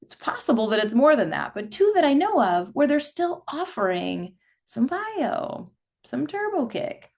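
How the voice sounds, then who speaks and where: A woman's voice: high voice, very animated, a little slow. A woman in her thirties hosting a solo podcast for fitness instructors, chatty and emphatic, with frequent asides. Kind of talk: casual solo podcast talk.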